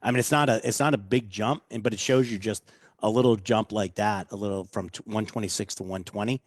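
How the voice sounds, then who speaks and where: A man's voice: on the low side, fairly quick, dry recording, studio quality. A man hosting a casual radio chat, loose and enthusiastic, full of fillers. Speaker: radio show host.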